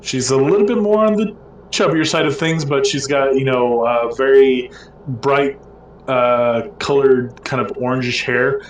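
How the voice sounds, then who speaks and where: A man's voice: medium pitch, a little slow, reverberant, far from the mic, a little hiss or hum, poor audio. Rambling man narrating a tabletop game. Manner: loose and rambling, many fillers. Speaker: game master.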